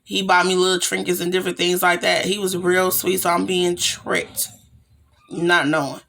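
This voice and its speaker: A woman from California telling a personal story in a casual, slangy way, her voice rising high whenever she quotes herself in the tense moments. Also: moderate pace, vocal fry. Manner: animated, slangy retelling with rising excited quotes.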